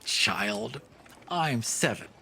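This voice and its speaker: A man's voice: mid-range voice, animated, drawn-out words, vocal fry, pushed and bright, slight background noise, exaggerated voice. A man voicing a playful seven-year-old girl who teases, in a tabletop game. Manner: playful, teasing. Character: giggly little human girl, seven years old.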